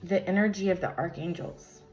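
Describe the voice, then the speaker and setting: A woman with a fairly low, darkish voice reads tarot fairly quickly and with fairly even intonation. Her casual spiritual session rambles, drifts off topic, and leans on fillers. Recorded by phone, it has an echoey, muffled lo-fi quality and soft music behind it.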